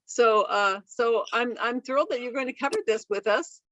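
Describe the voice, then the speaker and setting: A woman's voice: on the high side, normal speed, fairly bright tone, no room sound. A woman hosting a webinar, hesitant with many fillers. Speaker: host. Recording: dull dry lo-fi call audio.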